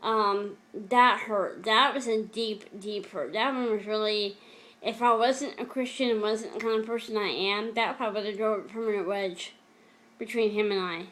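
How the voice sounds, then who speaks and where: A woman vlogger talking earnestly and emotionally to camera in a personal confessional video, at times halting. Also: mid-range voice, steady tone, a bit bright. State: emotional, close to tears.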